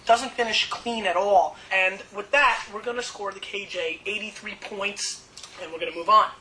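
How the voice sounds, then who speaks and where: Brash male host, bright forceful voice, excitable and blunt, faint noise behind. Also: high-pitched, moderate pace, poor audio. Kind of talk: casual wine tasting video.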